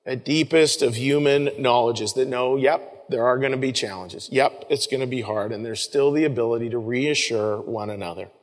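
A man's voice: medium pitch, normal speed, few pauses. A male pastor giving a sermon in a conversational way, often repeating words and calling his listeners folks. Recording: long reverb of a large room.

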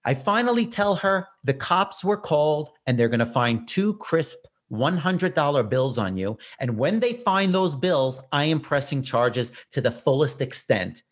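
Man telling a story, self-mocking. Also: a little high. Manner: animated, self-mocking storyteller with quick bursts. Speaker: podcast host. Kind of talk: casual storytelling.

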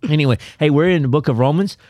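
A man's voice: fairly high pitch, racing, a little mellow, no room sound. A man hosting a casual chat, joking and laughing often. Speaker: host.

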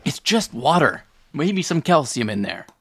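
Lively animated male podcast host. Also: on the high side, a little slow, slightly rough, no echo, clean studio sound. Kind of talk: improvised comedy chat.

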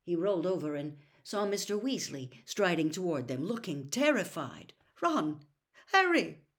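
A woman's voice: lowish voice, expressive, normal speed. A woman reading a novel aloud expressively as a storyteller.

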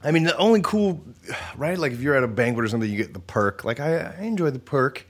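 A man hosting a podcast in a casual, comedic monologue, animated and profane, joking and sometimes trailing into mumbles. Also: medium pitch, fast talker, breathy edge.

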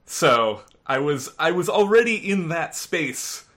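A woman's voice: deep voice, sing-song, takes it slowly, fairly bright tone. A woman hosting a podcast, chatting casually with a guest, laughing often and restarting her sentences. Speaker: podcast host. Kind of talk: casual podcast chat and outro.

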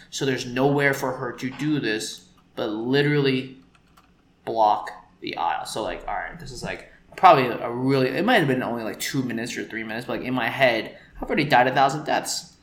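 A man's voice: medium pitch, moderate pace, echoey room, a little hiss or hum. A man co-hosting a podcast, telling a story in casual chat and acting out the people in it. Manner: animated, acts out quoted people.

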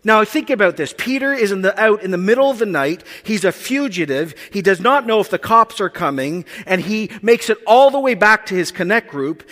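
A man's voice: sits high, lively intonation, a little fast, hardly any pauses, fairly bright tone. A man preaching a sermon, telling the story with animation and acting out the characters. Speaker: pastor. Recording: long hall reverb.

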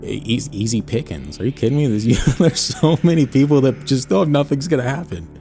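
A man's voice: medium pitch, expressive, a little fast, gravelly, dark tone, faint music behind. A man co-hosting a podcast, telling a personal story in a rambling casual way full of fillers. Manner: rambling, hedging with many fillers. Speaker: podcast co-host.

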